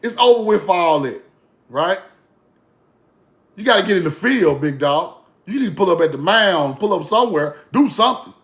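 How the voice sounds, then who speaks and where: A man's voice: high-pitched, animated, normal speed, fairly bright tone. A man ranting casually to his online audience, blunt, profane and mocking, repeating himself for effect. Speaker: online commentator. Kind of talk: casual rant to camera.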